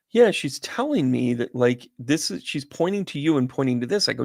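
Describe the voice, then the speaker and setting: A man's voice: medium pitch, lively intonation, fairly quick, creaky, hardly any pauses, a little mellow, no echo. A man hosting a casual livestream, chatting with viewers by name and telling rambling stories while reading tarot on a close, sensitive microphone. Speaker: psychic medium host.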